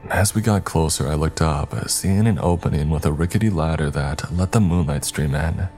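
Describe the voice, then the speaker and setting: A man narrating a scary story in a steady, even storytelling manner. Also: extremely low pitch, moderate pace, faint music behind. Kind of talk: scripted narration.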